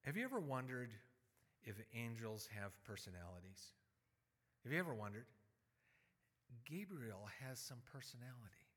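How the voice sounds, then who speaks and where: A male pastor preaching a sermon in a relaxed, conversational way, with fillers and restarts, sometimes acting out quotes. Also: mid-range voice, normal speed, long pauses, breathy edge. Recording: long hall reverb.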